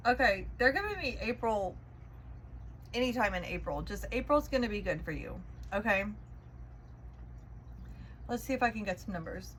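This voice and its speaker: A tarot reader gives a chatty, encouraging spiritual reading in a mid-range, slightly bright voice with big pitch swings, normal speed and long pauses. She keeps checking in with the listener by asking "okay?" The recording is rough, with slight background noise.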